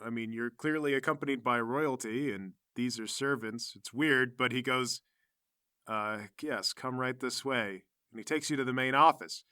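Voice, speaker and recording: A man's voice: mid-range voice, normal speed, hardly any pauses, pushed and bright, clear, resonant tone, no room sound, studio quality. A man narrating as game master of a tabletop game in a chatty, descriptive way.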